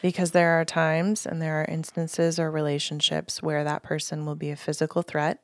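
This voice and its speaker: A woman's voice: deep voice, monotone, normal speed, no room sound, studio quality. A woman cohost in casual podcast chat, blunt and swearing casually.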